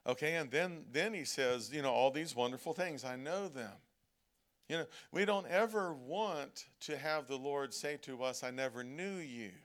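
At an evening church service, a male preacher delivers his sermon in a relaxed, conversational style, often checking in with "okay?" His voice is medium-pitched and slightly bright, and he slows down to emphasize quoted scripture.

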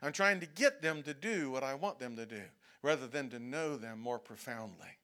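A man's mid-range voice, pushed and bright, moves at a normal speed as he preaches a sermon in church. This pastor talks conversationally, keeps asking "okay?", and acts out prayers and whiny voices.

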